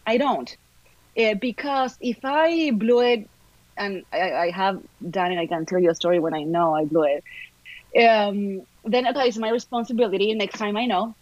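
A middle-aged actress, chatting in an upbeat way as a podcast guest, talking fast in bursts. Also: female voice, medium pitch, no room sound, lo-fi sound. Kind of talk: casual podcast chat.

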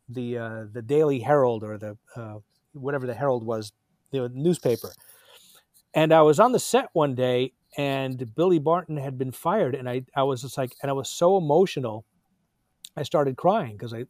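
Male actor guest, 50s, animated rambling storyteller, dead-dry mic. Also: mid-range voice, dry recording. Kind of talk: casual interview anecdote.

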